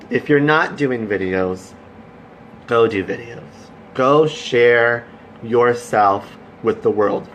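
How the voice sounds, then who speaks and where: Man, live stream host, chatty, effusive, mid-range pitch, faint background noise. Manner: effusive, chatty, greets viewers by name. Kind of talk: casual Facebook Live chat.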